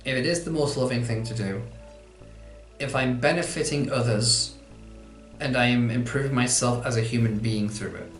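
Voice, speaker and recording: A man's voice: medium pitch, normal speed, a bit bright, echoey room, faint music behind. A man, answering viewer questions in a casual vlog, chatty and rambling, poking fun at himself. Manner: chatty, rambling, self-deprecating.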